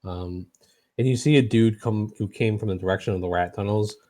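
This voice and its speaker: A man running a tabletop game as game master, talking with many pauses and fillers. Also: lowish voice, mellow.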